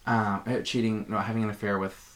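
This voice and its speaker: A man's voice: lowish voice, flat delivery, fairly quick, fairly bright tone. A man co-hosting a podcast, chatting casually and playfully, rambling with many fillers. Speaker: podcast co-host.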